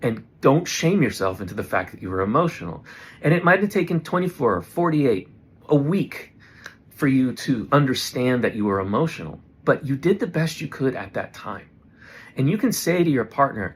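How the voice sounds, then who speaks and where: A man's voice: mid-range voice, sing-song, normal speed, a little hiss or hum. Earnest guy doing a motivational talk to his camera, reflective, coaching himself. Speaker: vlogger. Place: indoors in front of a camera.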